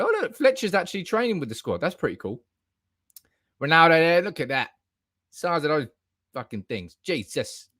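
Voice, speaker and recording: A young man hosting a fan channel live stream, excitable and hyped-up, reacting with bursts of enthusiasm. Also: a little high, dry recording, studio quality. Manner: excitable, hyped-up, calls viewers baby.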